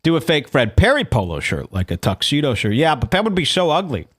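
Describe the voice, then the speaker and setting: A man's voice: a little high, very animated, a little fast, fairly bright tone. A man hosting a casual livestream, rambling and mocking as he reads out posts. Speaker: show host.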